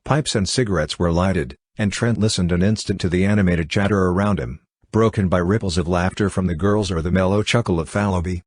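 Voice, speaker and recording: A man narrates an old novel in a deep, husky voice. His reading is even and measured, with the dialogue voiced only lightly. The recording is dry and close. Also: no echo. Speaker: audiobook narrator. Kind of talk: scripted narration.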